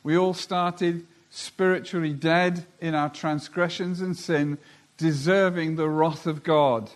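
A man preaching a sermon, who talks slowly and deliberately and reads scripture aloud. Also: a little high, fairly even intonation.

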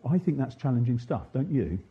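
Husky-voiced man preaching a sermon. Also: medium pitch, big pitch swings, highs cut off. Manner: asks the congregation questions, pauses with ums; slows and stresses quoted verses. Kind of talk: interactive Sunday sermon. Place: church.

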